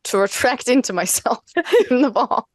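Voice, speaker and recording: Animated woman playing a tabletop game. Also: fairly high pitch, moderate pace, no room sound. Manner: animated, laughing, searching for words. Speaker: player. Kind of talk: tabletop role-play.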